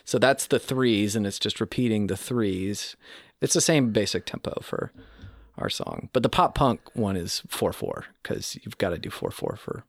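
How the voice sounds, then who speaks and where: A man's voice: lowish voice, big pitch swings, moderate pace, gravelly, no echo, studio quality. A man hosting a podcast interview in a casual, explaining way, counting out beats and laughing easily. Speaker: podcast host.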